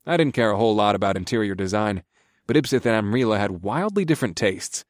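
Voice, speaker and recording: A man reading a first-person story in an easy, conversational manner. His voice sits low, recorded close and dry in a studio booth. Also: animated, quick pace, dry recording. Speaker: audiobook narrator. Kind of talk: scripted first-person narration.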